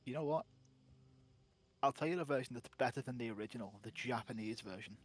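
A man's voice: mid-range voice, brisk. A young man co-streaming an online game, ribbing his friend with jokes and wordplay in casual chat. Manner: teasing, joking, wordplay banter.

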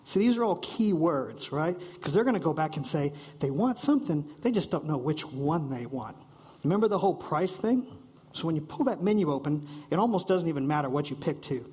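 A man giving a playful, animated short talk on stage to a live audience, acting out quick voices of diners and servers. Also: on the high side, slightly rough. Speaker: speaker at a short-talk event.

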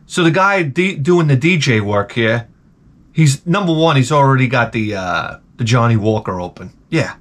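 A man's voice: medium pitch, moderate pace. A middle-aged man, hungover, telling a rambling, exasperated story to his viewers. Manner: animated, exasperated, acts out his own reactions. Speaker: vlogger. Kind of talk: casual storytelling rant.

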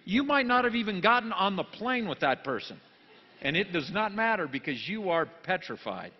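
A pastor giving a jokey sermon, dropping to quiet asides and then rising into loud, emphatic bursts. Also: male voice, high-pitched, big pitch swings, normal speed, breathy edge. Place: church sanctuary. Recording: long church reverb, dull lo-fi sound.

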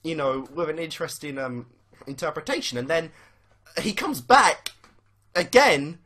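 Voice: mid-range voice, lively intonation, normal speed, fairly bright tone. A young adult fan giving casual, rambling commentary on a cartoon, with lots of fillers and swearing. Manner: rambling, full of "you know" fillers and swearing. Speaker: fan reacting to a cartoon episode.

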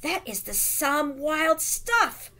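A woman reading aloud and voicing an excited, boastful boy with super speed, with mock tough-guy bravado. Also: high voice, slow pace, voice pushed up, exaggerated voice. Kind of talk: reading a children's novel aloud.

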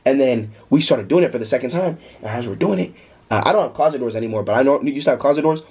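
A young man telling a story casually in a vlog, animated and slangy, breaking into laughter. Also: mid-range voice, quick pace, breathy edge. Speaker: vlogger.

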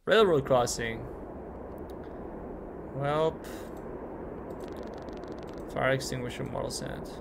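Gravelly man musing over a game. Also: slow, pauses often, noisy background. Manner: musing, low-key, reads game lines aloud. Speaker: gamer. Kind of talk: gameplay commentary.

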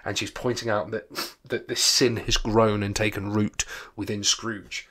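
A man's voice: fairly low pitch, level tone, unhurried, pushed and bright. A man teaching a literature revision lesson, explaining a novel with enthusiasm.

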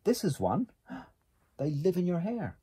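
A man's voice: high-pitched, wildly swooping pitch, slow, warm tone, breathy edge, voice pushed up, heavily acted. A man reading a storybook voicing a stern, matter-of-fact male dog doctor who lectures firmly. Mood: lecturing. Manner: firm, lecturing. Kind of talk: storybook character voice.

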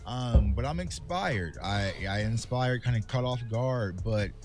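A man speaks straight to his fans in a heartfelt vlog, candid and impassioned, with a mid-range voice. Soft music plays faintly underneath. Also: medium pitch, expressive, unhurried. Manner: impassioned, candid, calls viewers "y'all". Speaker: sports content creator. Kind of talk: emotional vlog monologue to fans.

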